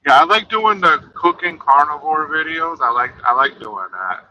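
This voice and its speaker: Bright-voiced man mumbling along. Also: on the high side, animated, moderate pace, low-quality recording. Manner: mumbling, trailing off, profane. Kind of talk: casual podcast chat.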